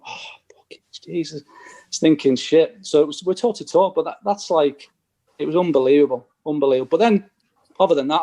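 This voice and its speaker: A former footballer tells casual stories on a podcast. He is an animated storyteller who acts out the exchanges he quotes. His voice sits fairly high for a man. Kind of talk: casual anecdote telling.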